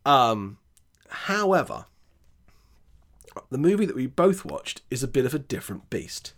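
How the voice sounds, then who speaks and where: A man co-hosting a casual film review chat, speaking hesitantly with many fillers and giving measured verdicts. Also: medium pitch, sing-song. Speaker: podcast co-host.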